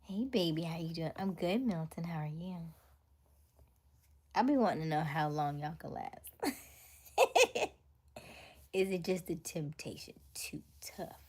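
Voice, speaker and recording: A woman hosts a livestream, chatting casually with viewers, reading their comments aloud, often laughing and dropping to near-whispers. Her voice is on the low side, animated and breathy-edged, at a measured pace with long pauses.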